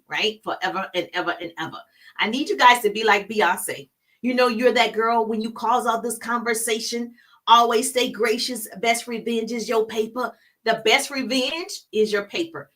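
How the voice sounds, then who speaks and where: Coaching business on a live stream, this middle-aged woman speaks with fairly high pitch, in an animated, preachy style, driving home key phrases by repeating them.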